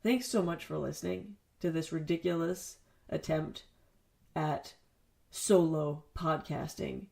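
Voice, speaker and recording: Mulher falante e desbocada num podcast. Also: female voice, sits low, slow pace, vocal fry, mellow. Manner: profane, rambling, self-deprecating. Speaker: podcast host. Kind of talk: casual solo podcast chat. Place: home basement studio. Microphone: studio mic, spoken into its wrong side.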